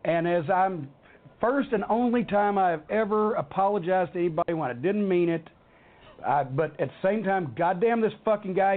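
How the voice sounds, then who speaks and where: A middle-aged man, telling a heated, swearing story as host of a rant podcast. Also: high-pitched. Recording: tinny phone-like audio.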